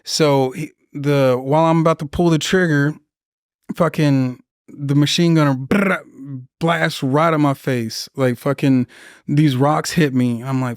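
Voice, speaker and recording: A young man and Marine veteran telling a war story in casual, profane talk, jumping into loud, high voices for the people in his story. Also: unhurried, clear, resonant tone, no echo, clean studio sound. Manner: profane, animated, acts out voices in his stories.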